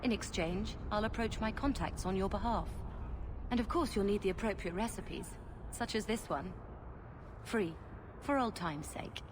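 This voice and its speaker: Actress as a sly, refined potion dealer, mid pitch, over noisy game sound. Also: female voice, moderate pace, natural voice. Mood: businesslike. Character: poised woman potion dealer, sly and genteel.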